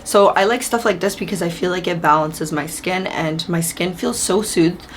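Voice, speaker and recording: A woman's voice: fairly low pitch, moderate pace, a little hiss or hum. Chatty Canadian woman vlogging. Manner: chatty, friendly, uses many fillers. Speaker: beauty vlogger. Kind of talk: casual chat to camera. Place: her room, indoors.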